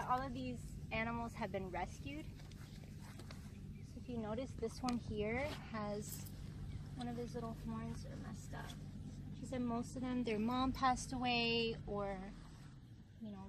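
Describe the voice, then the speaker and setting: A woman with a high voice films a casual vlog on a farm, talking in an unhurried way. She coos excitedly at the animals in baby talk. Outdoor noise and animal sounds come through clearly behind her on a handheld camera mic. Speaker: vlogger.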